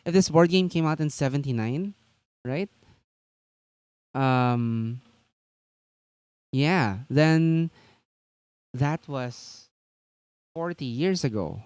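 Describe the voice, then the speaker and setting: A man's voice: mid-range voice, animated, extremely slow, pauses often, a little mellow, clean tone, no room sound. A man co-hosting a tabletop gaming news stream, chatting casually and rambling with lots of fillers and restarts.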